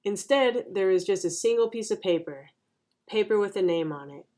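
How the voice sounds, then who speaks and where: A woman reading a children's picture book aloud in a clear, even narration. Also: mid-range voice, normal speed. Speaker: storyteller.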